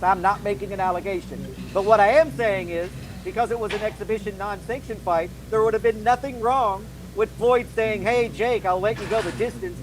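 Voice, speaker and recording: A man's voice: high-pitched, background noise. A man co-hosting a combat sports talk show, skeptical and repeating himself as he thinks aloud. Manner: skeptical, talks through restarts and hedges. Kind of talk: casual combat sports commentary.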